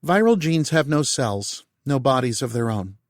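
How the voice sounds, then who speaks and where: A man's voice: mid-range voice, very animated, moderate pace, no echo, studio quality, lightly acted. A man reading a patient female virus scientist. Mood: explaining. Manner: patient, explanatory lecturing. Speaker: narrator voicing character.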